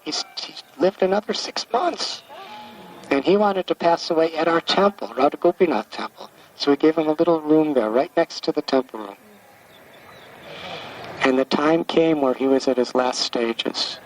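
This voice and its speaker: A man in his sixties from the United States, a spiritual teacher telling a devotional story in a gentle, halting way, often repeating words as he recalls. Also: a little high. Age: 60s. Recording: distant mic with faint background hiss.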